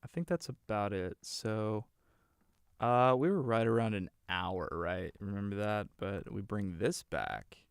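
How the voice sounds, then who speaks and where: A man's voice: fairly low pitch, expressive, measured pace, gravelly, clean tone, no room sound. A man hosting a livestream, chatting casually and rambling with many fillers while he edits audio on a close desk mic. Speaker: livestream host editing audiobooks. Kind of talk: casual chat while editing.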